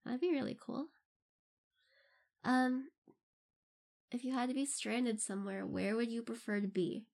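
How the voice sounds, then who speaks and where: A young woman with a slightly high voice chats through listener questions. She rambles loosely and breaks into giggles often, in an easy Q&A tone. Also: flat delivery, a little slow, vocal fry, long pauses, darkish tone. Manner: giggly, rambling, laughs often between phrases. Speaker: audio creator answering listener questions. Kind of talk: casual Q&A chat.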